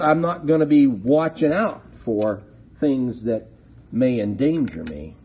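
A man preaching a sermon, slow and deliberate, leaning hard on key words. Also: mid-range voice, animated, slightly rough. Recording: dull lo-fi recording.

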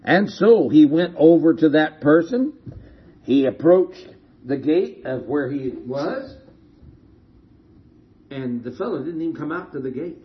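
A man preaching a sermon, telling a story slowly and asking rhetorical questions, heard on a dull lo-fi recording. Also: on the high side, animated, slight background noise.

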